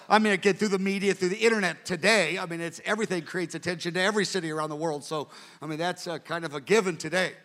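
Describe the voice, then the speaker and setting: A man, preaching by telling an anecdote in a lively way, with chuckling asides. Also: high voice. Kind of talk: storytelling sermon.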